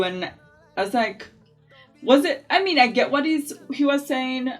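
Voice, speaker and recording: A woman's voice: on the high side, fairly quick, faint music behind. A woman chatting in a casual, opinionated way while doing her makeup for a beauty vlog. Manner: chatty, opinionated, lively asides. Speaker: beauty vlogger. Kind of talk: casual makeup tutorial chat.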